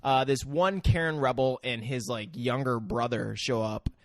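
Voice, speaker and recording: A male podcast co-host in casual chat, swearing freely and jumping into loud impressions of movie characters. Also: mid-range voice, fairly even intonation, moderate pace, dry recording, studio quality.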